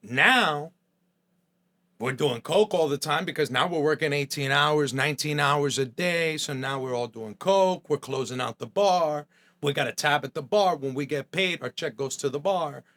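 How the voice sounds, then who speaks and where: Middle-aged man from New Jersey, slightly high voice, blunt and profane streetwise storyteller. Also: normal speed, a bit bright. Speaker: podcast guest, chef.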